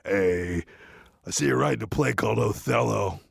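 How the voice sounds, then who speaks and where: A man playing a chummy, pushy schemer who wants a bigger part, in his own rough voice. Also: lowish voice, moderate pace, dry recording, clean studio sound, full character voice. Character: pushy male schemer Iago angling for lines.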